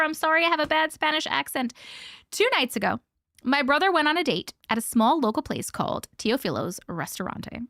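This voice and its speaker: A woman hosting a casual live stream, chatting with viewers and reading stories aloud with hushed dramatic pauses. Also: high-pitched, very animated, creaky, no room sound, clean studio sound.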